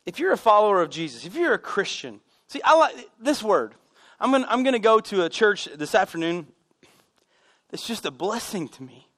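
A man preaching a sermon as pastor, telling animated stories with self-deprecating humor. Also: high voice, a little fast. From United States. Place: church sanctuary.

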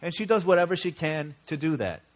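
A man's voice: a little high, expressive, brisk. Earnest storytelling male pastor. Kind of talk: sermon.

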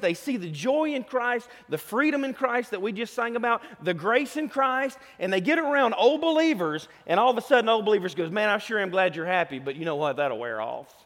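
A man preaching a sermon in a folksy, animated way. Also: extremely high pitch. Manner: animated, folksy, voices Jesus in quotes. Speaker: pastor. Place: church sanctuary. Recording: long hall reverb.

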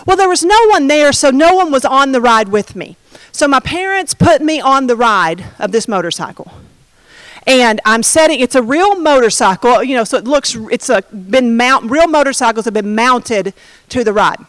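A middle-aged woman preaching a sermon through a personal story, animated, with dramatic slowdowns and hushed emphasis. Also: high-pitched, no echo.

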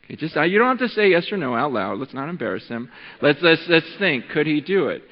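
A man preaching a sermon as pastor, talking in a relaxed, conversational way and working a demonstration with a volunteer. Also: on the high side, quick pace. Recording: dull lo-fi recording in a reverberant hall.

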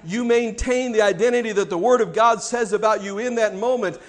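Man, pastor, sermon, high-pitched, emphatic repetition. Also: fairly quick. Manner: emphatic, repetitive preaching cadence.

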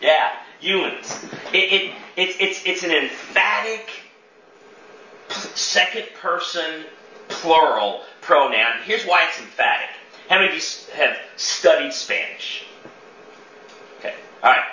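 A man with a slightly high, bright voice leads an interactive church class, talking loosely and stopping to quiz the group. He is heard from a distance in a reverberant room. The sound is dull and lo-fi, with a faint hiss underneath. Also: unhurried. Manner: conversational, quizzes the room, repeats words as he thinks. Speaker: church teacher. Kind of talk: interactive teaching talk.

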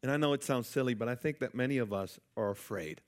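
A man preaching with emphasis from the pulpit in a voice of middle pitch. He calls out to the congregation and asks them to respond. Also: quick pace. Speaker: pastor. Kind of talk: sermon.

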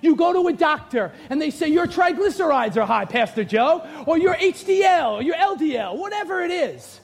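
A man preaching a sermon as pastor in a church, often shouting with humor. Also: very high voice, lively intonation, moderate pace, few pauses.

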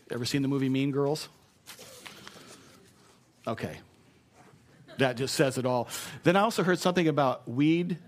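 Chatty self-deprecating male preacher. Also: medium pitch. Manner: conversational, self-deprecating, repeats key phrases. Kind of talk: sermon.

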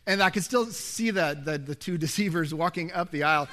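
A middle-aged man preaching a sermon, telling a personal story in an animated way, going from loud to hushed. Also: a little high, a little fast. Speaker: pastor.

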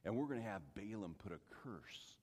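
A scheming ancient king plots in a low, hurried, gruff voice, pushing his plan forward, as a preacher acts him out. It echoes across a big hall. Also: lively intonation, a little mellow. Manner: low, rapid, conspiratorial scheming.

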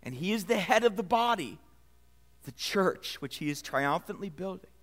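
High-voiced preaching man in a reverberant hall. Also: animated, normal speed, a bit bright. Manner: preaching with rising emphasis and trailing low endings. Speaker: pastor. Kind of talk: sermon. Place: church sanctuary. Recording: long reverb of a church hall.

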